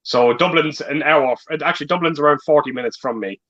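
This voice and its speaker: A man's voice: on the high side, brisk, fairly bright tone, no echo. Irish male guest, agreeable, lots of yeahs, muffled dry remote audio. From Ireland. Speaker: guest on a livestream.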